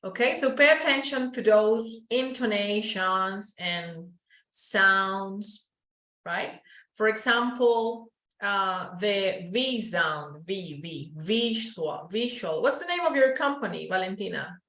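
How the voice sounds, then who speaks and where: A woman from Colombia with a Paisa Spanish accent, teaching an English class and modelling sounds slowly, slipping into Spanish to explain. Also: mid-range voice, expressive, pushed and bright, echoey room, poor audio.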